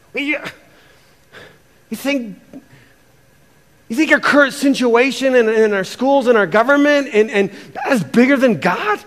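A man preaching a sermon as pastor, animated, often repeating words and acting out quotes. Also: extremely high pitch, big-room sound.

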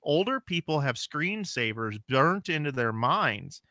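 A man's voice: fairly high pitch, very animated, unhurried, sharp tone, no echo. A man in his forties chatting casually as a podcast co-host, telling rambling self-deprecating stories with many restarts. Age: 40s. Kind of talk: casual chat.

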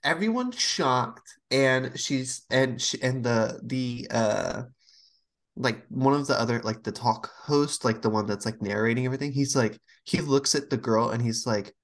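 An unhurried woman with an extremely deep voice co-hosts a chatty podcast. Her storytelling is lively, and she imitates the voices of the people in her anecdotes.

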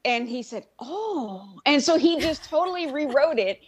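A woman's voice: high-pitched, lively intonation, a little slow. A woman chatting as a podcast guest, telling a self-deprecating story and laughing often. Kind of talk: casual chat.

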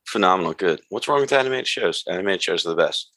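Very deep but bright-toned man. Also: expressive, fast, no echo. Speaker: podcast co-host. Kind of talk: casual show recap chat.

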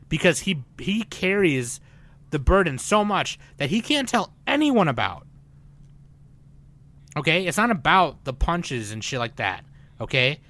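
Ranting man with a bright, forceful voice. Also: a little high. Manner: ranting, loud, profane, swings between shouting and muttering. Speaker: podcast co-host. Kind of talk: casual chat.

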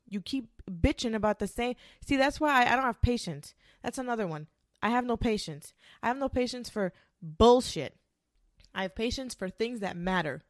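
A woman's voice: on the high side, expressive, normal speed, no echo, clean studio sound. A woman talking straight to camera in a blunt, profane, emphatic rant about speaking her mind.

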